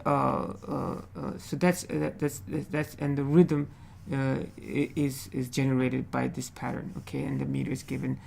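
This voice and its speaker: A man teaching a literature class, speaking haltingly and checking in with the students after nearly every point. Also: a little high, vocal fry, a little mellow, slight background noise. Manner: hesitant, many fillers. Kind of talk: classroom lecture.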